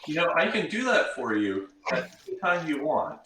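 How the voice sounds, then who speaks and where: A man voicing a calm, fussy female wizard. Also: fairly high pitch, normal speed, slight background noise, pitched above the performer's own voice. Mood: teasing. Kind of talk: tabletop role-play in character. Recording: echoey room, far from mic.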